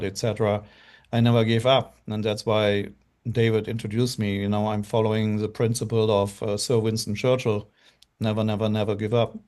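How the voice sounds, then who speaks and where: A middle-aged German man with a German accent earnestly tells his story as a guest on a live show, rambling casually with lots of fillers. His voice is fairly low and a little mellow.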